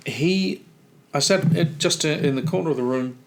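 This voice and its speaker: A man co-hosting a podcast in casual chat, talking in a halting, stop-start way. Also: fairly high pitch. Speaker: podcast co-host; clinic supervisor.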